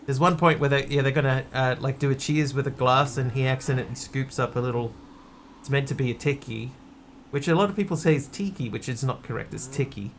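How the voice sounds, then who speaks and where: A man's voice: mid-range voice, fast talker, a little hiss or hum. A man streaming a game, chatting casually in a rambling, wry way. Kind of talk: casual gameplay chat.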